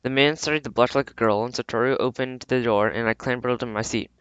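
A man reading a storybook aloud with halting restarts and frequent throat clearing. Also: mid-range voice, fairly even intonation, fairly bright tone, no echo, lo-fi sound. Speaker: audiobook reader. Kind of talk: amateur audiobook narration.

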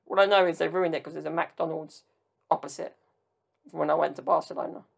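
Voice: medium pitch, fairly even intonation, a little fast, gravelly. A podcast host from Southern Italy chatting casually on their own, rambling and drifting into tangents with jokey asides. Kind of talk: casual solo podcast chat.

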